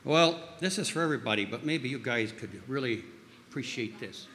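At a church gathering, a man with a medium-pitched voice gives an animated, fairly quick, informal sermon full of stories. He rambles with frequent restarts and fillers, acts out quoted voices loudly, and the recording has slight background noise and long hall reverb.

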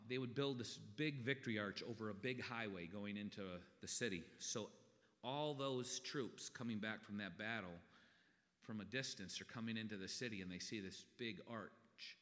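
Folksy pastor, bright low voice. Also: male voice, moderate pace. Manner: folksy and conversational, with fillers. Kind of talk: sermon. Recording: long reverb in a hall.

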